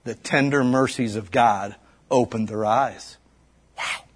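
Husky man preaching with rising fervor. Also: fairly even intonation, slow pace. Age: adult parent. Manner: storytelling, climbing high and loud when stirred. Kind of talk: sermon.

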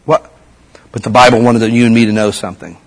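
A man's voice: medium pitch, fairly even intonation, brisk. A middle-aged man giving a casual, folksy sermon as a pastor, full of slang and repeated asides.

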